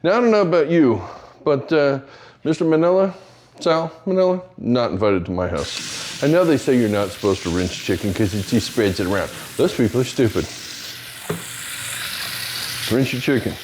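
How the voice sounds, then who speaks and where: Talkative home-cook host, man, playful and very lively in pitch. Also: brisk, slight background noise. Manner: chatty, jokey, talks a lot. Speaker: home cooking video host. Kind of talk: casual cooking demonstration. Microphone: new mic setup.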